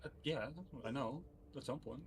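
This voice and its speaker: A man's voice: mid-range voice, normal speed, vocal fry, a little hiss or hum. A man moderating a live stream, chatting playfully on a voice call and rambling with many fillers. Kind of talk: casual group chat on a live stream.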